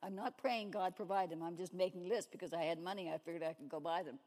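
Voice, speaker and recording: In a church sanctuary, a lay speaker delivers a sermon-like testimony, telling stories and acting out the dialogue. She talks fast in a fairly low, slightly mellow voice, and the church hall adds long reverb.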